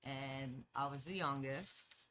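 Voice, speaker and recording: A woman chatting as a podcast guest, telling lively personal stories and laughing easily. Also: a bass voice, slow pace, a little hiss or hum. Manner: animated storyteller, laughs easily. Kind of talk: casual storytelling chat.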